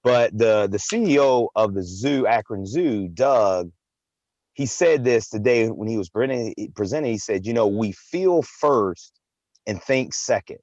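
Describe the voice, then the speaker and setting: A man with a lowish, slightly mellow voice and lively intonation hosts a live talk show, speaking unhurriedly. He chats casually and animatedly, often repeating words and tossing in "man" and "right." The audio is lo-fi with no echo.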